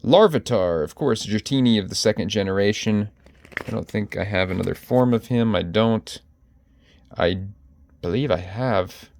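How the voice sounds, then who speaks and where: A man's voice: lowish voice, normal speed, a little mellow, slight background noise. A man chatting casually to his viewers as he pages through his card collection, often correcting himself mid-sentence. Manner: chatty, self-correcting, addresses viewers directly. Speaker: collector vlogger.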